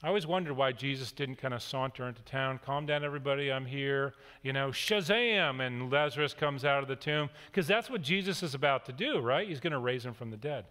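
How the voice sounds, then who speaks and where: A man's voice: medium pitch, expressive, quick pace, hardly any pauses, fairly bright tone. Man preaching in an echoing hall. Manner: earnest, conversational storytelling. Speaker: pastor. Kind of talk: sermon with scripture reading. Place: large church hall. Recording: long hall reverb.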